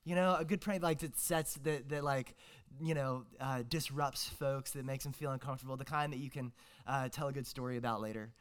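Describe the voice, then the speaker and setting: A man's voice: medium pitch, a little fast, few pauses, smooth. A young man, preaching a casual, joking sermon as a guest preacher, full of fillers and restarts.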